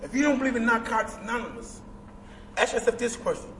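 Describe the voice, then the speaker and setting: High-pitched, lively man preaching. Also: quick pace, gravelly, a little hiss or hum. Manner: preacherly, emphatic, with bursts of shouting. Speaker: guest speaker at a recovery convention. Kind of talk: impassioned speaker share. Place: large indoor convention hall. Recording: echoey hall, from far off.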